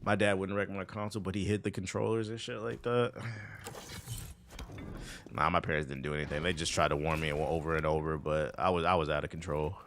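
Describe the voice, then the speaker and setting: A man's voice: deep voice, fairly even intonation, a little fast, a bit bright, a little hiss or hum. A man in his thirties, a streamer, telling loose, profane stories in casual chat while he plays. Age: 30s. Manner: loose, profane storytelling with laughs and asides.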